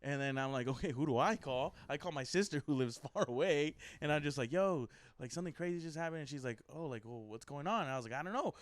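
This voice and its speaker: Fast-talking young man telling a story. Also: on the high side, expressive, dry recording. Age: young adult. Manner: fast, laughing storyteller full of "like" and "I was like". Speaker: podcast co-host. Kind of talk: casual storytelling.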